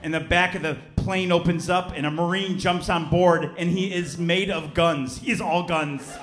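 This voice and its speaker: A man in his thirties from Chicago doing a stand-up comedy set, telling a story with lively acted-out voices and shouted punchlines. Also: sits high, moderate pace, echoey room, noisy background. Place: theater stage before a live audience.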